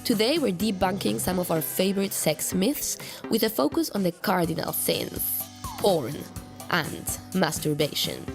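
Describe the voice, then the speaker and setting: A woman hosting a casual podcast, leading the talk with a lively, laughing manner. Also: fairly low pitch, a little slow, creaky, soft background music. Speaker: podcast host.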